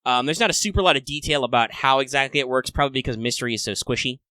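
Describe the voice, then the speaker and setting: A man with a bright, forward voice co-hosts a casual fan podcast. He talks in a chatty, playful way, breaking into excited little asides. The sound is dry and close, with no room around it. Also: mid-range voice, very fast, no echo. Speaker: podcast co-host.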